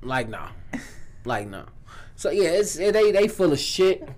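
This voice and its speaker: A man with a Chicago accent in casual chat, telling stories in a profane, animated way with lots of restarts. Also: on the high side, unhurried.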